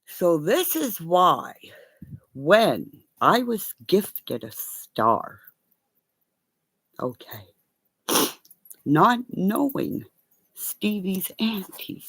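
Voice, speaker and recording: A woman in a rambling, profane livestream rant that breaks into sudden shouting. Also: fairly low pitch, big pitch swings, very slow, pauses often, breathy edge, no room sound, clean studio sound. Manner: profane, erratic, bursts into shouting.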